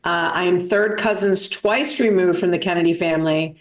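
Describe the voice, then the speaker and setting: A woman's voice: lowish voice, moderate pace, roomy sound. A woman from Massachusetts with a Boston accent, doing a stand-up comedy set over a video call, self-deprecating and dramatic, with lots of fillers.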